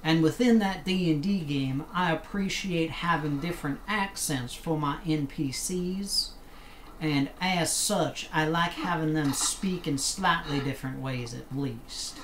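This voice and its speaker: A man's voice: fairly high pitch, a little slow, slight background noise. A man streaming a video game, chatting casually and thanking viewers with rambling asides. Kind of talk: casual live game commentary.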